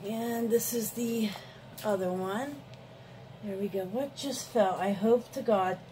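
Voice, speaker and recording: A woman's voice: medium pitch, takes it slowly, mellow, slight background noise, poor audio. A middle-aged woman talking casually through a makeup tutorial, rambling with fillers as she works. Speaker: beauty vlogger.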